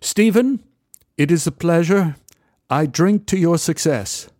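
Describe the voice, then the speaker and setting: A man's voice: on the high side, animated, slow pace, darkish tone, no room sound, voice pushed up. A man voicing a polite, dry-witted older English playwright with an English accent, in a told story. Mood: wry. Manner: dry, droll, genteel.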